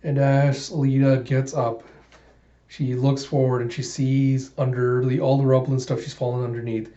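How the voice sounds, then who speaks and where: A man's voice: medium pitch, little pitch movement, normal speed, dark tone. A man retelling a comic with feeling. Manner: enthusiastic, emotional, casual retelling. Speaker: manga reader and vlogger. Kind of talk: comic readthrough narration. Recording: roomy, dull home recording.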